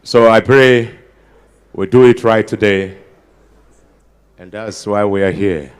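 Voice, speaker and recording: A man's voice: lowish voice, slow, smooth. A man with a Nigerian Pidgin-inflected accent doing live stand-up banter as a comedian emcee at a ceremony, coaxing the crowd to applaud. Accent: Nigerian Pidgin-inflected English. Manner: jokey, switching into Pidgin, drawing applause.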